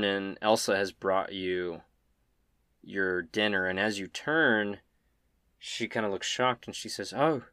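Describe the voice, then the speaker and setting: A man narrating as game master in a relaxed, jokey storytelling way. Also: low voice, clean tone, dry recording, studio quality.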